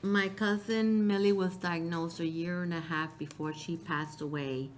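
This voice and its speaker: A woman guest on a talk show, speaking in a heartfelt, emotional way with frequent laughter. Her voice sits very low for a woman, and a faint room ambience hums behind her. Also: fairly even intonation, a little slow, a little hiss or hum.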